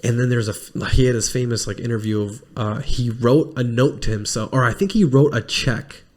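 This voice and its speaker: Rambling, profane podcast host man. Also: mid-range voice. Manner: rambling, profane, quick restarts; mimics film lines in lively put-on voices. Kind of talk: casual chat.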